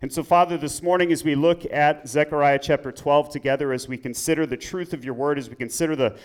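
A pastor preaches in a church sanctuary, praying in a low, soft voice before telling a story that builds earnestly with rising emphasis. He speaks fast, and his intonation is fairly even.

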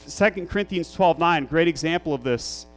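High-pitched guy pastor preaching, lots of "what's the secret?" questions, quiet music in the back. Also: moderate pace, poor audio. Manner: preaching with rising emphasis and rhetorical questions. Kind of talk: sermon.

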